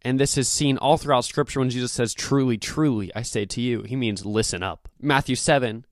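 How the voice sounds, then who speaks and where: A man's voice: mid-range voice, fairly quick, dry recording. An earnest man teaches on a devotional podcast, quoting scripture one verse after another. His voice sits in a middle range and stresses key words with emphasis. The recording is dry and close, with no room sound. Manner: earnest, emphatic preaching with frequent scripture quotes. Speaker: podcast host.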